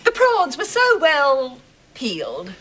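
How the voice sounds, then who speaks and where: A woman's voice: sits high, huge pitch swings, slow, pushed and bright, full character voice. An actress playing a scornful wife who cuts her husband down with sarcastic remarks in a sitcom. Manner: cutting, sarcastic put-downs. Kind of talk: sitcom acting. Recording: hiss on old TV audio.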